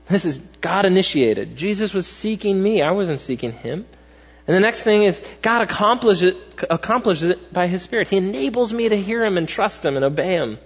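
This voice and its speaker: A man's voice: on the high side, breathy edge. A young adult man preaching a sermon in a conversational way, peppering his points with "right?" and telling stories with animation. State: tired. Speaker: pastor. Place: large church hall. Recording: muffled, long hall reverb.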